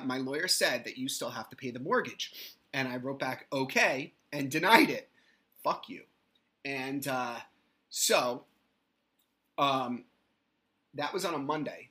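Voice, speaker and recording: A man's voice: mid-range voice, sharp tone. A man in his thirties hosting a solo podcast, telling his story in a candid, profane and exasperated way. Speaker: podcast host.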